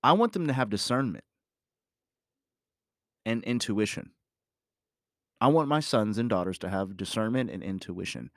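A man's voice: lowish voice, normal speed, pauses often, no room sound, studio quality. A man telling a personal story in a casual monologue, rambling and emphatic, swearing often and leaning on "you know". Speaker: parent talking about his family.

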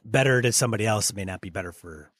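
A man co-hosting a casual podcast about tabletop games, agreeable and quick to chime in. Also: lowish voice, a bit bright, dry recording, studio quality.

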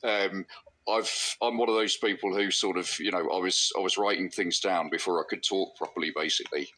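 Male author guest, low and bright-toned, chatty podcast talker who restarts his sentences. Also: poor audio. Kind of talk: casual podcast interview.

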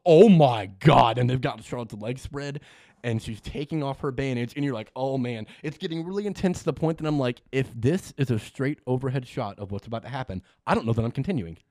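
Man, casual podcast co-host, animated, swears a lot, dry close sound. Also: mid-range voice, brisk, dry recording. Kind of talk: casual movie recap chat.

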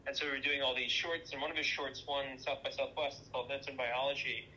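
Guy chatting in an interview, really bright sharp voice, laughs at himself a lot, bit of hiss behind. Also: medium pitch, level tone, low-quality recording. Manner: chatty, self-deprecating storyteller, quick to laugh. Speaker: film director and producer, guest. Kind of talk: casual interview chat.

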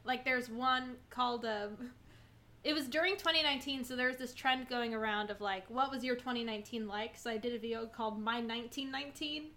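Young female guest, bright sharp tone, loose filler-heavy chat. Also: a little high, a little fast. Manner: rambling, filler-heavy with many ums and likes. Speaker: guest content creator. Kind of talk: casual chat.

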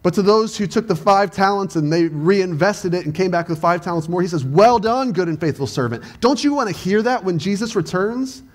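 A man's voice: high-pitched, fairly quick, few pauses. A male pastor with a Southern US accent, preaching a sermon with earnest emphasis that swells at times. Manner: earnest preaching, rising to raised emphatic passages.

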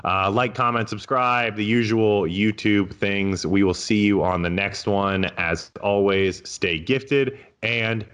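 Deep-voiced sarcastic young male podcast host. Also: steady tone, fairly bright tone, smooth. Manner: sarcastic, swearing, quick asides. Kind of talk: casual podcast chat.

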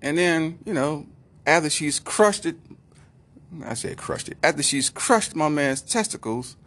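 A man telling a comic story in a slangy, animated way, acting out the characters. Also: a little high, a little slow, a little hiss or hum.

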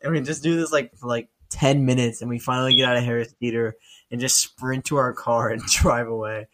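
Speaking fairly quickly in a mid-range voice, a young male podcast co-host animatedly tells stories in casual conversation. He swears a lot and laughs along mid-story.

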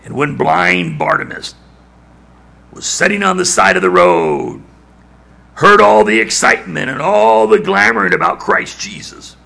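A male preacher giving a dramatic sermon, building to shouts and dropping to near-whispers. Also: lowish voice, huge pitch swings, a little slow, vocal fry.

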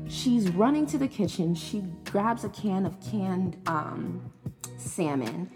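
Blunt, profane woman with a low voice. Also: normal speed. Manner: blunt, profane, animated storytelling. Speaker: vlogger. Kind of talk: casual monologue. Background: background music.

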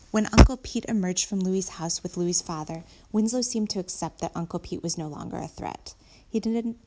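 A woman reading a children's novel aloud at a steady pace, with small slips and corrections. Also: lowish voice, gravelly. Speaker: audiobook reader.

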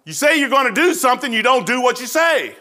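Folksy preacher guy, bright sharp voice, goes from hushed to hollering. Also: extremely high pitch, sing-song, quick pace. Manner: folksy storytelling, swings from hushed to shouting; says "man" often. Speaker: pastor. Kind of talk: sermon.

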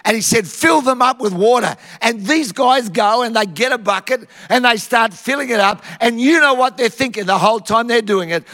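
A man's voice: extremely high pitch, normal speed, few pauses. A man from Queensland with an Australian accent, preaching a sermon and telling Bible stories with humour. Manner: lively storytelling, acting out Bible scenes with humour. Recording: long hall reverb.

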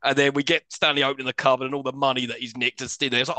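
A man's voice: medium pitch, dry recording. A man co-hosting a film podcast, recapping scenes in a casual chat, laughing often and acting out lines. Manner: animated recapping, quick to laugh, acts out scenes. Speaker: podcast co-host.

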